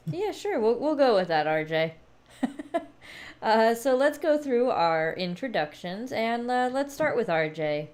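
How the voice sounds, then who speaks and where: A woman hosting a casual online movie night chat, laughing often and filling pauses with "uh". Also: a little high, big pitch swings, darkish tone. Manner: giggly, frequent laughs and fillers. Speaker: host.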